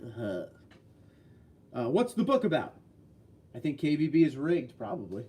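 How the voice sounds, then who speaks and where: Reading viewer comments aloud on his casual livestream, a man in his sixties answers them bluntly, with folksy, strong opinions. His slightly high, somewhat mellow voice swings widely in pitch, moving at a moderate pace with long pauses.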